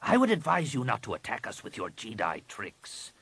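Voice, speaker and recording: A man putting on a cold alien master shaper woman for an audiobook, speaking in slow, hushed, half-whispered tones that carry quiet authority. The voice has a husky, breathy grain and swings widely in pitch. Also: wildly swooping pitch, full character voice. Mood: menacing, hushed. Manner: measured and commanding. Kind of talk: audiobook reading.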